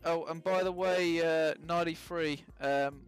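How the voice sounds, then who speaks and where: A man's voice: a little high, fairly even intonation, unhurried, clear, resonant tone, soft background music. A man casually talking through his flight sim setup on a live stream, chatty and full of ums and self-mocking jokes.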